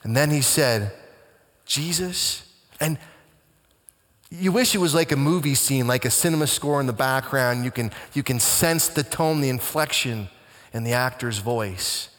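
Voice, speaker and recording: Man preaching in a reverberant hall. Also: normal speed. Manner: dramatic, swings between hushed and booming. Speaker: pastor. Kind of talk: sermon.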